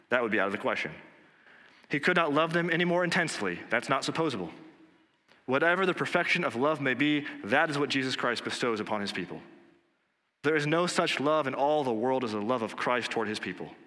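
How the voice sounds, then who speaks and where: A pastor preaching a sermon in a church, earnest and emphatic, repeating key phrases for weight. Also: male voice, mid-range voice, bright, forceful tone. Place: church sanctuary. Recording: long reverb of a church hall.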